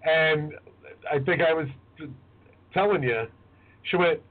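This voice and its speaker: Male chef co-host, lively anecdote-teller, high voice, lo-fi phone sound. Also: a little slow. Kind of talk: casual chat.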